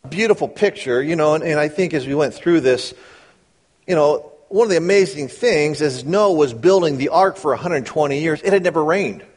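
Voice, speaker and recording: A middle-aged man preaching a sermon, reading scripture slowly and then explaining it in quick, casual asides. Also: on the high side, slightly rough. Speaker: pastor.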